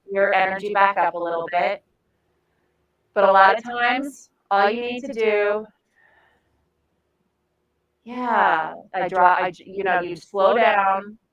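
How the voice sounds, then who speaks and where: A woman de-escalation trainer gives a live talk to a group in a room, speaking conversationally and often searching for words mid-sentence. Her mid-range voice is a bit bright, and the recording is rough.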